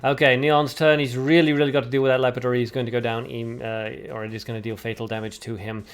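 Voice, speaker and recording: Man, livestream host, card game commentary, chatty and jokey, excitable play-by-play. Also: mid-range voice, fast talker, clean tone. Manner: chatty and jokey, banters with viewers. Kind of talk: live game commentary mixed with chat replies.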